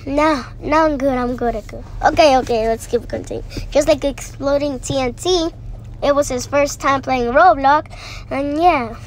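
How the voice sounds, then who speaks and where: A woman who is sick, rambling excitably through let's-play commentary and repeating her phrases. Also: sits high, normal speed, a little hiss or hum, low-quality recording. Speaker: gamer.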